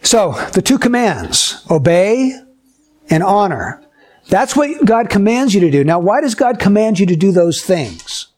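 A man's voice: high-pitched, very animated, measured pace, a little mellow. A man teaching a Bible lesson to children, asking them questions and acting out short everyday scenes. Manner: asks the listeners questions and acts out short scenes.

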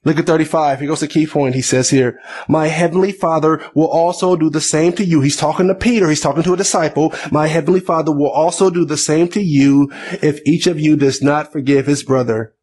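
A man's voice: on the high side, fairly even intonation, a little fast, darkish tone. A man preaching a sermon, reading scripture aloud and explaining it in plain, conversational asides, often repeating words as he goes. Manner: repeats words and restarts phrases.

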